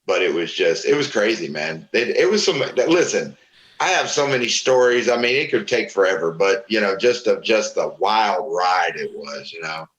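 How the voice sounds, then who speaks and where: Guest: ex-wrestler, man from Florida, lowish voice, cussing raconteur, echoey room. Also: normal speed. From Florida, USA. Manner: profane, rambling, animated retelling of old stories. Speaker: retired pro wrestler, guest. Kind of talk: casual storytelling interview.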